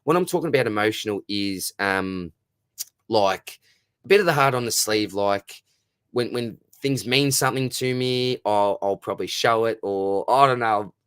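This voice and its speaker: A man's voice: on the low side, normal speed, clean tone, no room sound, studio quality. Matey Australian man on a livestream. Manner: warm, matey, repeats words, says mate constantly. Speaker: livestream host answering chat. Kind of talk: casual live-stream chat.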